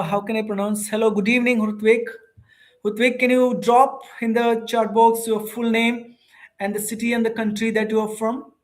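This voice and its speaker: A man with an Indian accent chatting casually on a livestream and answering viewers' comments. His speech is halting, full of fillers, restarts and informal address such as bro and ma'am. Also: sits high. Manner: hesitant, many fillers and restarts. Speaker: host of an English practice livestream.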